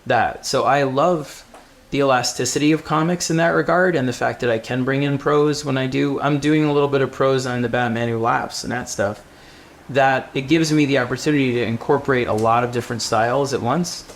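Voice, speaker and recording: A man speaking as a comic book writer on a live panel, animated and rambling, laughing between thoughts. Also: medium pitch, fairly quick. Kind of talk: casual live panel talk. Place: live event before an audience.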